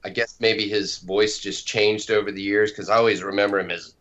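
Bright-voiced chatty man, low pitch. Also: level tone, fairly quick, muffled recording. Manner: chatty, laughs easily, self-deprecating. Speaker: co-creator and podcast guest. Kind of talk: casual conversation.

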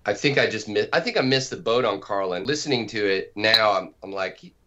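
A man's voice: fairly low pitch, animated, fairly quick, bright, forceful tone, highs cut off. A man chatting casually as a guest, laughing easily and joking about himself. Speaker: co-creator and podcast guest. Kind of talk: casual conversation.

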